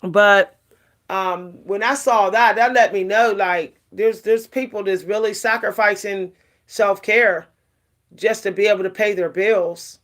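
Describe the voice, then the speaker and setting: A woman's voice: mid-range voice, fairly even intonation, measured pace. A middle-aged woman vlogging casually about self-care, talking frankly and rambling with lots of fillers.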